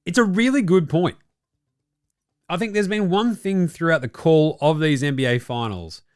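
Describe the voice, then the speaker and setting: Recorded cleanly in a studio without room sound, this Australian basketball podcast host speaks fairly high-pitched at a moderate pace. He rants profanely, gives blunt opinions, and mocks people by voicing their quotes.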